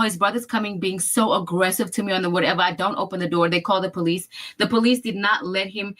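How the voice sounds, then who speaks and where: A woman's voice: mid-range voice, fairly even intonation, fast, fairly bright tone. A woman in a casual vlog, emphatically telling a family story, acting out other people's lines and addressing viewers as y'all. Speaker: storyteller in her own video.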